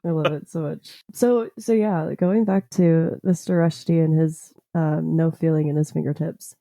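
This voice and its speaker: A woman's voice: sits low, fairly even intonation, moderate pace, creaky, dark tone, no room sound. A woman co-hosting a casual podcast chat, rambling with many fillers and frequent giggles. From United States. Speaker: podcast host.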